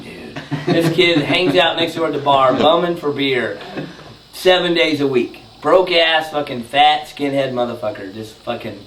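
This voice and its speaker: A man telling a rowdy, profane story, laughing as he acts out the people in it. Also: mid-range voice. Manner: profane, laughing, animated retelling. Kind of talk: casual storytelling. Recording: roomy, distant mic with faint noise.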